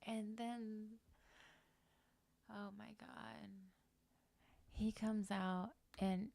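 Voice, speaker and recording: Young woman rambling thru a story on her stream, gravelly voice, kinda flat, swears a lot, dry close sound. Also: medium pitch, extremely slow, no echo. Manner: candid, swearing, rambling with many fillers. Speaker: livestreamer. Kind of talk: casual storytelling on a live stream.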